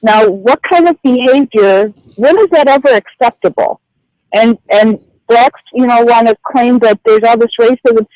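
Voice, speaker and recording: A woman's voice: a little high, normal speed, darkish tone, no room sound, poor audio. A flustered woman phones in to a radio show and tells her story in a rambling way, full of fillers and restarts. Her voice comes through dry and close, with no room around it. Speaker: caller. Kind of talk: telling a personal story on air. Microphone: phone call.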